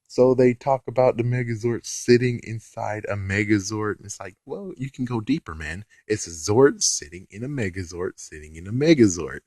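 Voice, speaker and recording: A man's voice: on the low side, darkish tone, no room sound. A man casually recapping a TV episode, rambling and exasperated, swearing now and then. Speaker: reviewer.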